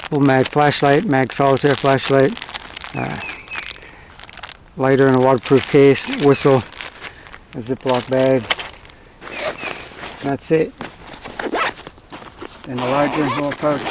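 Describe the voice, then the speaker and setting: A man hosting a bushcraft channel, giving a relaxed, plain-spoken gear review and listing items one by one. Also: medium pitch, background noise. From United States.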